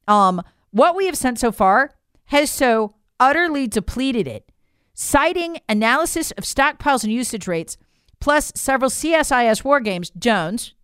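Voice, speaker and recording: A woman's voice: mid-range voice, a bit bright, clean tone, dry recording, studio quality. An American woman giving emphatic, incredulous opinion commentary, leaning on rhetorical questions. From United States. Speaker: political commentator.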